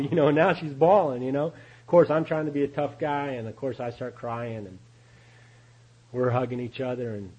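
A husky middle-aged man shares his recovery story in a folksy, confessional way, slipping into the voices of the people he quotes. His voice sits mid-range, and the lo-fi recording sounds dull and muffled. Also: mid-range voice, darkish tone. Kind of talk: AA speaker talk, storytelling.

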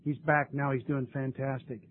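At a moderate pace and medium pitch, with little pitch movement, an older man recounts his recovery at a meeting. His telling is earnest, emotional, and occasionally tearful, with faint noise on a tinny lo-fi recording.

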